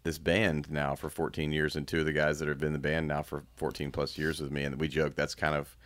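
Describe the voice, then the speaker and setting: Man with an extremely low voice, guest in a conversation, thoughtful, stops and restarts often. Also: flat delivery, a bit bright. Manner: reflective, halting, many restarts. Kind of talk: candid personal conversation.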